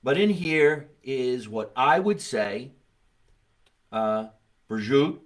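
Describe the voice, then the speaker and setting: A man's voice: medium pitch, animated, drawn-out words. A man hosting a casual chat, joking and poking fun at himself. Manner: joking, self-deprecating. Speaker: host.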